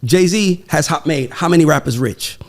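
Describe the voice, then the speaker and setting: A man hosting a podcast in casual chat, talking in an animated, emphatic, profane way. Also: a little high, moderate pace. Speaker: podcast host.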